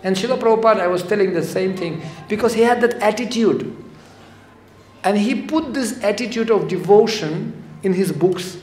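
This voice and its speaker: Male devotional lecturer, high voice, conversational storyteller, echoey temple hall. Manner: conversational, animated, acts out quotes. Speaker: spiritual lecturer. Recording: echoey hall with faint noise.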